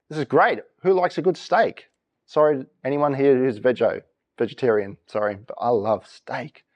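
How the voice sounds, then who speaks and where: A man's voice: medium pitch, moderate pace. A man preaching a sermon, reading verses and quizzing the congregation for reactions. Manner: lively, asks congregation for reactions. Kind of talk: interactive sermon. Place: church.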